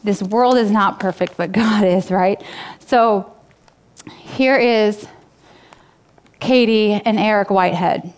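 A woman's voice: medium pitch, slow, pauses often. Female pastor, casual sermon delivery, clean resonant voice. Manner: casual, conversational preaching with fillers.

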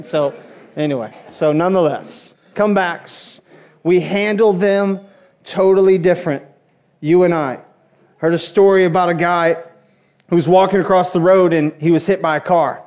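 This pastor's voice sits high and a little mellow as he preaches at a moderate pace before his congregation. He spins funny stories from his own life in a chatty, humorous manner.

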